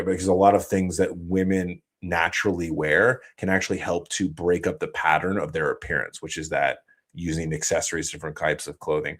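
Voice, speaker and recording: Male live-stream host, deep low register, relaxed chatty explainer. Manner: casual, loose explanatory talk with fillers and restarts.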